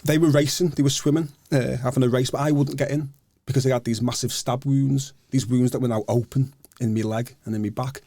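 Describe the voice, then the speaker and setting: A man guest on a podcast, telling a personal story in a halting, earnest way, often repeating words before he finds them. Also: medium pitch, fairly even intonation, dark tone, no room sound. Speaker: guest, author. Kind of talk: casual storytelling interview. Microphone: podcast microphone.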